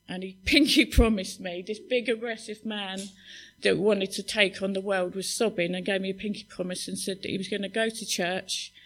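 A woman giving a heartfelt church testimony, halting and restarting as she speaks. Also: fairly low pitch, poor audio. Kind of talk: spoken testimony at a church service.

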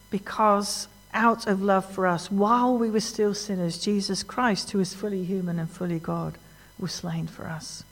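A woman preaching a sermon in a church, animated and emphatic, often asking the congregation questions. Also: mid-range voice. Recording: long hall reverb.

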